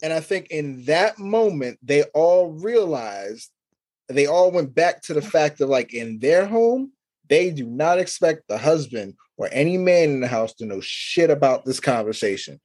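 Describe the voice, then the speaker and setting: A man on a casual podcast who tells stories with lots of life, acting out the people he quotes. His voice sits a little high for a man. He jumps into the voices of others mid-story. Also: a little slow. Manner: animated storyteller, acts out quotes. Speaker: podcast host and father.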